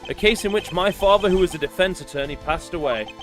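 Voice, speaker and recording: A man's voice: high-pitched, fast talker, natural voice. A man voicing a stiff, proper male prosecutor who speaks formally and dramatically. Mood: solemn. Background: game music.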